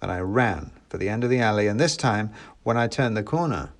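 A man reading a storybook aloud, animated and wry, acting out the dialogue. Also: on the low side, brisk. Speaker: audiobook reader. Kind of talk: expressive storybook narration.

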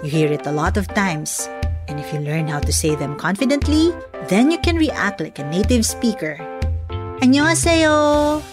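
Woman, podcast host, friendly explainer, animated pitch, scripted narration, soft music behind. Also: normal speed.

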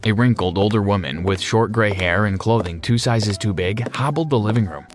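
Low-voiced man narrating a story. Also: moderate pace. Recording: music behind.

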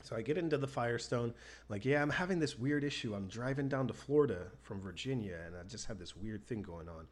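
A man from the United States telling a story in casual chat, lively and acting out the people he quotes. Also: mid-range voice, fairly quick.

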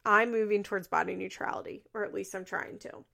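A woman's voice: medium pitch, steady tone, fairly quick, creaky, sharp tone. A woman hosting a podcast, recapping a reality show in casual chat. She talks in a chatty way, fills her sentences with "like" and laughs often.

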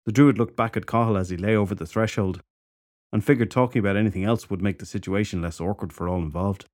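Male audiobook narrator, lowish voice, dry close sound, steady pacing. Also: quick pace, no room sound.

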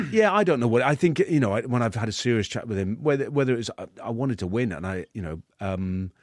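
A man in his fifties, a guest in an interview, talking in a halting way with many restarts. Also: mid-range voice, big pitch swings, dry recording, studio quality.

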